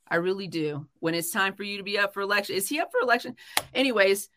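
A woman's voice: medium pitch, lively intonation, fast talker, fairly bright tone. A woman hosting a casual livestream chat, talking heatedly with frequent swearing, fillers and restarts. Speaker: livestream host. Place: home livestream.

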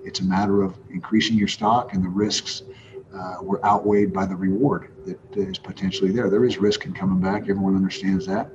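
A low, flat-voiced male coach speaking at a press conference in a steady, assured way. The audio is dull, with clear background noise. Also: a little fast. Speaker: football head coach.

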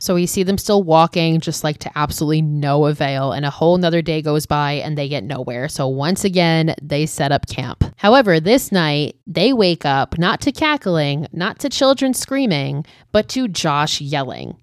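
Low-voiced woman casually recapping a film. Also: expressive, moderate pace, few pauses, no echo, studio quality. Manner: chatty, heavy use of "like" and frequent swearing. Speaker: vlogger recapping a horror film.

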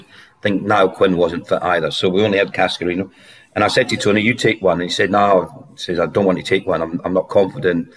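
A former footballer, a man, guest on a podcast, telling anecdotes in a lively way and laughing through his stories. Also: on the low side. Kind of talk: anecdotal storytelling.

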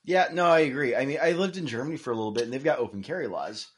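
A man co-hosting a podcast in casual chat, relaxed and often hesitating with ums. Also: medium pitch, racing, a little hiss or hum. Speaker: podcast co-host.

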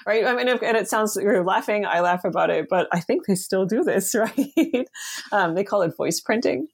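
Husky, gravelly woman explaining her research. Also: medium pitch, animated, normal speed. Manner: thinks aloud with many ums and restarts. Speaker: author and guest. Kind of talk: academic interview answer.

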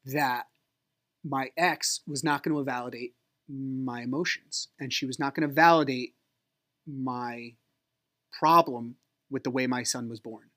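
A man at an ordinary middle pitch tells a personal story for his podcast. His delivery is frank and unpolished, with a lingering grievance in how he recounts things. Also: fairly bright tone. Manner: candid, frank and aggrieved. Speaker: podcast host.

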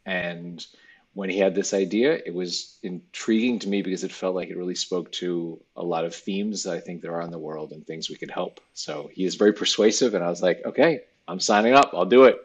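A man speaking as a startup cofounder in an interview, relaxed and reflective. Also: deep voice, a little fast, slightly rough. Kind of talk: casual interview talk.

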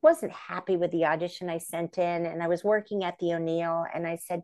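Animated woman telling stories. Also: on the low side, a little fast, no echo, clean studio sound. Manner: lively, acts out quoted voices. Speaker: puppeteer and voice actress, guest. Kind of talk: casual interview storytelling.

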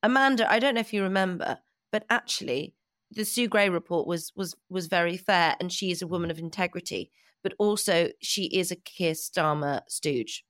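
A woman's voice: lowish voice, moderate pace, fairly bright tone, no room sound, studio quality, natural voice. An actress playing a pompous, self-righteous female radio host, speaking in a comedy podcast. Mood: smug. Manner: pompous and indignant.

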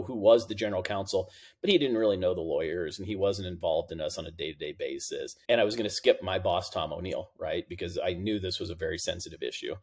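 A middle-aged man speaks in a somewhat low voice as a guest on an interview podcast. He tells his stories in a relaxed, conversational way and acts out the lines he quotes from others. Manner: lively anecdotes, acting out quoted dialogue. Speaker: podcast guest, compliance officer. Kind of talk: casual interview storytelling.

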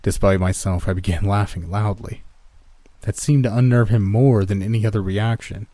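A man narrating a first-person horror story in a steady, measured way. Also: lowish voice, dry recording.

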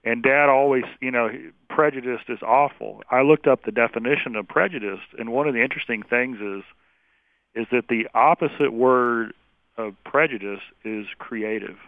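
Brief: a measured male guest, phone-quality audio, dry sound. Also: mid-range voice, no room sound. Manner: measured, explanatory. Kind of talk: conversational interview. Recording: tinny phone line.

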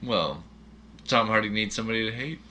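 A man in casual chat about a movie, animated and jokey, firing off quick questions. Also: fairly low pitch.

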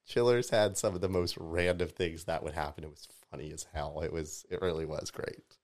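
A man from Tampa, a DJ and music producer, telling animated stories in casual podcast chat, his voice jumping up when he acts out what people said. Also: sits low, moderate pace. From Tampa, Florida. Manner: animated storyteller, voices rise sharply in quoted outbursts.

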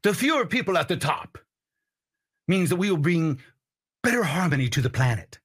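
Man, political commentary rant, blunt and profane, fairly high voice, very lively pitch. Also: moderate pace, breathy edge. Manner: ranting, heated, blunt and profane. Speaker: host.

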